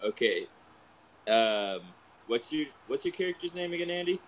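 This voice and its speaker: A man playing a tabletop game, laying out a scheme in character in a relaxed, hesitant way. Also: fairly high pitch, normal speed, a little hiss or hum, rough recording. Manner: laid-back, plotting, hesitant. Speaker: player. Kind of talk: casual tabletop role-play.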